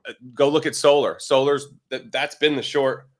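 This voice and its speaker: A man appears as a guest trader on a markets show. He speaks bluntly and at a measured pace. His voice is mid-pitched. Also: fairly even intonation. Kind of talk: casual chat.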